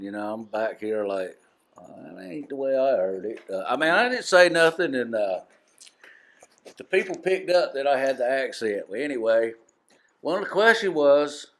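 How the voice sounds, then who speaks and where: Brief: male co-host, coastal Carolina island brogue, rambling yarn-spinner, mid pitch. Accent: Harkers Island brogue, coastal North Carolina. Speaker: storyteller co-host. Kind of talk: live storytelling before an audience. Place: museum parlor talk.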